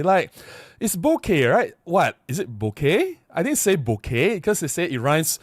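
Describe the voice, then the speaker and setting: Animated man rambling to camera. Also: fairly high pitch, moderate pace, no echo, studio quality. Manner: rambling, repeats words, animated. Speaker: camera vlogger. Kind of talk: casual talk to camera.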